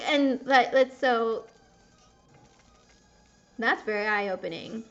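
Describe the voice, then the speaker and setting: A woman's voice: a little high, slow pace, a bit bright, soft background music. Candid young woman chatting, dull lo-fi sound. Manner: candid, rambling, swears at the game. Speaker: gaming video creator. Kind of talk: casual chat while playing a game.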